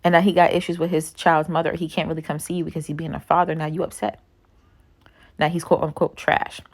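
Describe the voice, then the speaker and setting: A woman's voice: sits low, little pitch movement, fast talker. A woman in her thirties giving casual reaction commentary as a vlogger, blunt, profane and lecturing. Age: 30s.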